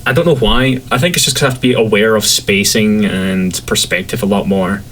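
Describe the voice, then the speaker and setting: A man from Scotland with a light Scottish accent, chatting casually as a podcast guest in a relaxed, rambling way. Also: brisk, slight background noise, rough recording. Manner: relaxed, rambling, acts out quotes in a higher voice.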